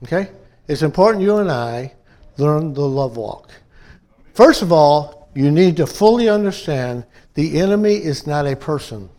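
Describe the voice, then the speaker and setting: A man's voice: a little high, lively intonation, measured pace, warm tone. A pastor from upstate New York delivering a conversational sermon to his church, often checking in with the congregation by asking "okay?" and "amen?".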